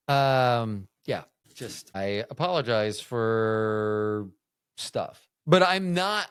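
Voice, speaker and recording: A man's voice: lowish voice, animated, very slow, clear, resonant tone, no echo, studio quality. A man hosting his own video, talking in a rambling, boastful and self-mocking way with plenty of swearing. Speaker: video host. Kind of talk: casual rambling monologue.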